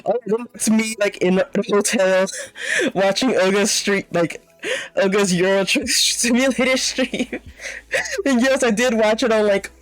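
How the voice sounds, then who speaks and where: A young adult streamer talks straight into a close, dry mic, rambling with lots of fillers and quick giggles. The voice sits in the middle of the pitch range, and the recording has almost no room sound. The chat stays casual and loose throughout. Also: no echo, soft background music, rough recording. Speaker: VTuber streamer.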